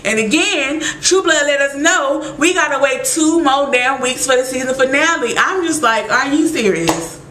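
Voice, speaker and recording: A woman chats through a TV episode recap, exclaiming and acting out her reactions. Her voice sits a little high and sounds bright and sharp. It is recorded in an echoey room with a faint hiss behind her. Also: moderate pace, hardly any pauses.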